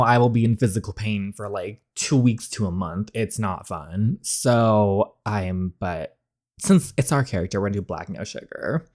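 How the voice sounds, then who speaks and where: A man's voice: lowish voice, moderate pace, darkish tone. A chatty man plays through a dating game on video, reading the scenes aloud. He breaks off into rambling asides, restarting his sentences as he talks. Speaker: gaming YouTuber.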